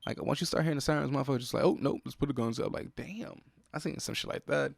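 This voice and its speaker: A man's voice: medium pitch, creaky, no echo, clean studio sound. A young man, hosting a solo podcast and venting in an irritated, profane way about what upsets him. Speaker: podcast host. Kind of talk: solo casual podcast monologue. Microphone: close podcast mic.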